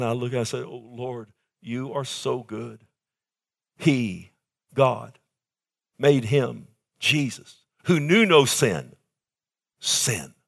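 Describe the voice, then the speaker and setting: A male pastor preaching a sermon, swinging between loud emphasis and quiet asides and calling for amens. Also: mid-range voice.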